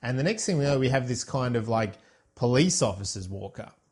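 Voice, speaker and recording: A man's voice: mid-range voice, animated, a little fast, darkish tone. Chatty man recapping a film. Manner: rambling, self-correcting, recounts scenes with quoted lines. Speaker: podcast co-host reviewing a film. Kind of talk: casual chat.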